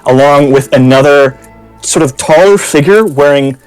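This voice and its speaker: A man's voice: on the high side, clear, resonant tone, faint music behind, rough recording. A man narrating as game master of a tabletop game, with many restarts. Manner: halting, restarts, descriptive narration.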